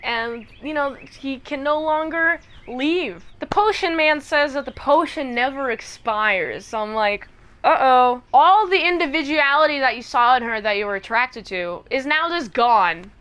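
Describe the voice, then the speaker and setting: A woman's voice: high voice, moderate pace, hardly any pauses. A young woman casually recapping a TV episode and acting out the characters as she tells it. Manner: animated storytelling that acts out the characters. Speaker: reviewer.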